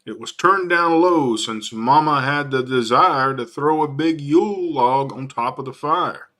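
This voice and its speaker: Male storyteller, folksy and playful, unhurried delivery with a bright tone. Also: medium pitch. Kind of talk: reading a rhyming Christmas story aloud.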